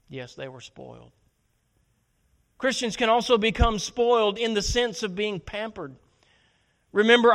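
High-voiced man preaching a sermon. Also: fairly bright tone. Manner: dramatic, acts out the Bible characters' lines.

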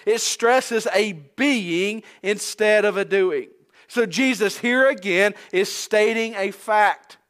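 A man preaching a sermon, quoting scripture in a measured, emphatic way with falling phrase endings. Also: high voice, fairly bright tone.

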